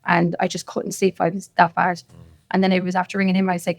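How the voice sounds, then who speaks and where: In a podcast studio, an Irish woman with a Cork accent tells her story casually and rapidly, quoting what other people said along the way. Her voice is lowish, with vocal fry.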